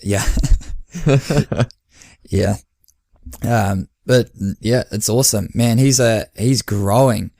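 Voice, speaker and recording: Chatty low-voiced New man. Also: slow, creaky, pauses often, darkish tone, no room sound, studio quality. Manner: chatty, laughing often, acts out his own dialogue. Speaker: podcast co-host and endurance coach. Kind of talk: casual chat.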